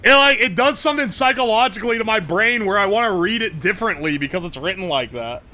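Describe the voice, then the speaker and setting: A man's voice: high-pitched, lively intonation, fast, pushed and bright. A man streaming live, reading his chat aloud and reacting in a joking, profane way. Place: home streaming setup.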